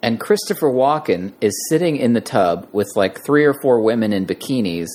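A man on a casual podcast telling an anecdote in an animated way, acting out the quotes. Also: mid-range voice, normal speed. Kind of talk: casual storytelling.

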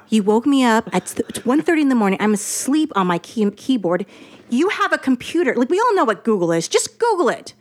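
A woman telling a story about her work in casual chat, animated and profane, acting out what others said. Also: a little high, fast. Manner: animated, profane, quotes others in lively voices.

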